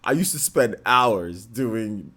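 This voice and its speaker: A man hosting a casual livestream chat, telling animated stories and laughing often. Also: fairly low pitch, slow. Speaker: host. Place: indoors under studio lights. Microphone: on camera.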